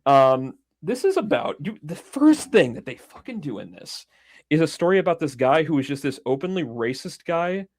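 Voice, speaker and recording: A man co-hosting a loose, casual podcast, walking through a film's plot in animated, profane detail. His voice sits somewhat high for a man, and he drops into quick acted-out lines as he goes. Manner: animated storyteller, swears freely, acts out scenes. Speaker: podcast co-host. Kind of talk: casual chat, retelling a film.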